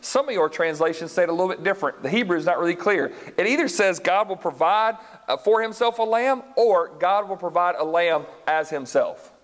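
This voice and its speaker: A man teaching a live Bible lesson in an animated way, quizzing his audience and reading scripture aloud. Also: high voice, fairly quick. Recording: long hall reverb.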